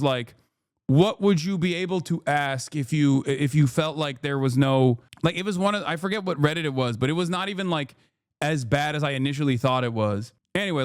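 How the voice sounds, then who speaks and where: Man, fairly high voice, dry close sound, casual stream rant, incredulous, cursing. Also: dry recording. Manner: incredulous, profane, swings into loud exasperated outbursts. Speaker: streamer reacting to news. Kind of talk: casual livestream commentary.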